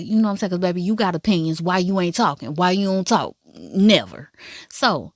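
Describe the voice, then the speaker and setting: A woman giving a casual, profane and animated recap of a drama, with asides in a high voice. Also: moderate pace, no room sound, clean studio sound. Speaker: drama reviewer.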